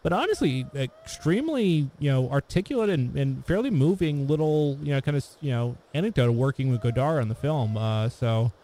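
A man talks in a relaxed, mellow voice, wandering through his thoughts with plenty of fillers and restarts. It is casual, unhurried chat between friends. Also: mid-range voice. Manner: rambling, hesitant, many fillers and restarts. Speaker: podcast co-host discussing films.

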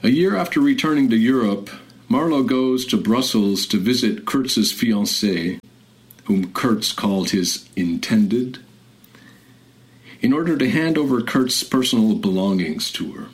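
A radio host reading and discussing literature in a measured, reflective way, slowing and softening for quoted passages. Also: male voice, mid-range voice, expressive, poor audio. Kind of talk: literary commentary and reading aloud.

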